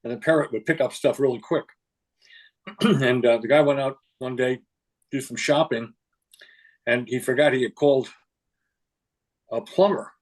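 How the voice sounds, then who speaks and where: A man's voice: medium pitch, a little slow, long pauses. A man telling jokes and chatting casually on a video call. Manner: jokey joke-teller. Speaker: meeting participant.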